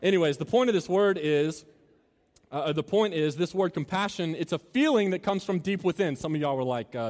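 Joking preacher in a big echoing hall. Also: male voice, fairly high pitch, fairly quick, darkish tone. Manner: joking and conversational, then earnest and building. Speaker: campus minister. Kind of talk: sermon to a student crowd. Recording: long reverb of a large hall.

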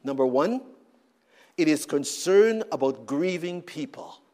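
A man's voice: on the high side, lively intonation, a little slow, warm tone. A man preaching a sermon, repeating words and rising in emphatic bursts.

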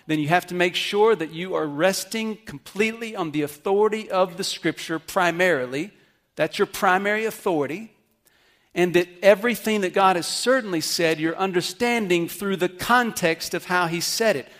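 This pastor's voice is high-pitched and a bit bright. Preaching a sermon in church, he teaches with earnestness and asks his congregation questions to make sure they're with him.

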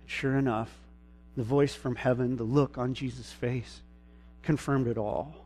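A man's voice: mid-range voice, steady tone, measured pace, a little mellow. A man preaching a sermon, retelling a Bible story in a casual, folksy storytelling way.

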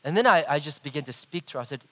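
High-voiced animated male pastor. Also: very fast. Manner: animated, acts out voices, big swings in loudness. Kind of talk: sermon with personal storytelling.

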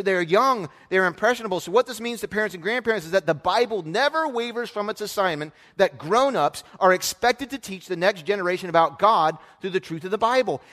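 A man in his thirties gives a sermon from the pulpit, his voice sitting a bit high. He speaks in an earnest, chatty way, full of fillers and restarts. His words trail into the long echo of a big church hall. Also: a bit bright. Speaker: pastor. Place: church sanctuary.

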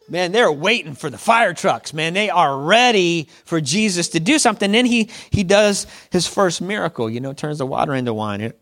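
A man's voice: a little high, animated, normal speed, few pauses, a bit bright. A man preaching a sermon in a conversational storytelling way, often checking in with the listeners. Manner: conversational storytelling with frequent "right?" asides. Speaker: pastor.

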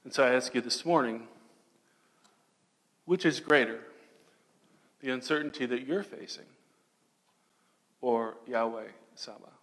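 A man preaching a sermon dramatically, moving between loud declarations and hushed, almost whispered passages. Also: mid-range voice, unhurried, pauses often, long reverb tail. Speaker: pastor.

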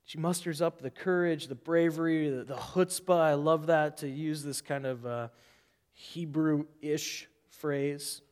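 A male pastor preaching a sermon in an animated way, acting out the voices of people in the story. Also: fairly high pitch, a little slow, clean tone, big-room sound.

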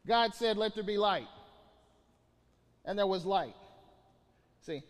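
A man's voice: sits high, expressive, slow pace, pauses often, long reverb tail. A man preaching a sermon as pastor, building to emphatic bursts and often restarting his phrases.

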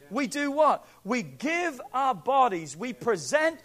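A man preaching a sermon as pastor, emphatic and pleading, swinging from quiet asides to near shouts. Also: very high voice, very animated, slow pace.

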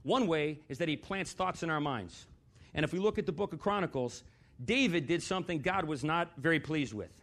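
A man's voice: on the high side, fairly bright tone. A man preaching a sermon in a church, talking conversationally, putting questions to the congregation and slipping in dry, sarcastic humor.

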